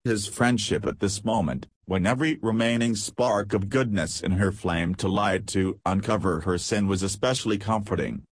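A man narrating an audiobook in a steady, measured way. His voice is low and husky, and the recording is dry and close with no room sound. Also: dry recording.

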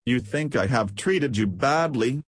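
A man voicing a proud, beautiful young society woman who speaks low and quickly in a pleading way in a storybook reading. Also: expressive, husky, no echo, studio quality.

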